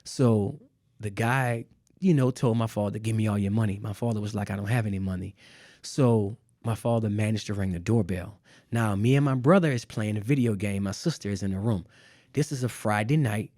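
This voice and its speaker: A man's voice: lowish voice, moderate pace, darkish tone, no echo, studio quality. A man telling a personal story in a casual conversation. He repeats phrases for emphasis and laughs now and then. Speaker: guest artist.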